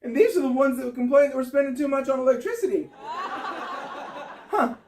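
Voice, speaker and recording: Man, very high voice, animated stand-up storytelling, distant mic. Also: normal speed, background noise. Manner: animated, breaks into high yelps and laughter. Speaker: stand-up comedian.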